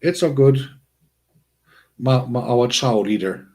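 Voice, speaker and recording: A man hosting a casual livestream, chatting with viewers in a rambling, animated way with frequent restarts and chuckles. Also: takes it slowly. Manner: bursts of high-pitched excitement. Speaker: livestream host. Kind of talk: casual livestream chat, talking to chat.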